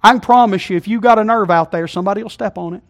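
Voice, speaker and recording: High-voiced folksy preacher, loud to hushed. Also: male voice, quick pace. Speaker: pastor. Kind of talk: sermon. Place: church sanctuary.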